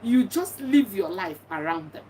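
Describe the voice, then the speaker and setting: A woman's voice: mid-range voice, lively intonation, measured pace, warm tone. A middle-aged woman, a bereaved mother, giving earnest and encouraging advice, often repeating herself. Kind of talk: personal testimony talk. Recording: distant mic with faint background noise.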